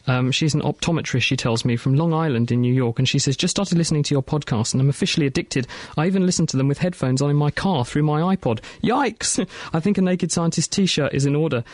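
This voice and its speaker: A man co-hosting a science radio show, reading out listener emails and explaining answers in a brisk, chatty way. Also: a little high, darkish tone, no echo.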